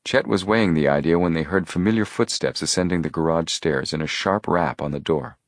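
A man reading a children's mystery book aloud with expressive storytelling. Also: low voice, a little fast, no room sound, clean studio sound. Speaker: audiobook narrator. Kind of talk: scripted narration.

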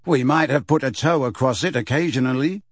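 Man doing a cheeky teen boy, offhand and playful, normal mid pitch. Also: fairly quick, husky, dry recording, clean studio sound, close to an everyday voice. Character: cheeky, mischievous teenage boy twin.

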